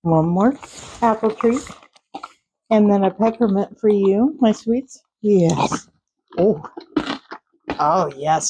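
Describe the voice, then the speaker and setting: A woman's voice: mid-range voice, takes it slowly, long pauses, dark tone, slightly rough, low-quality recording. A woman in a horse stable, cooing affectionately to her horses and making kiss sounds, in a casual vlog. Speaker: horse owner. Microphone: handheld microphone.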